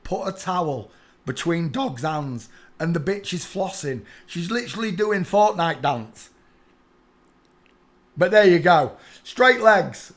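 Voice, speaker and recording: A man's voice: a little high, expressive, slow pace. A man giving a casual, mocking rant over pictures as an online commentator, breaking into laughter and chanting phrases over and over.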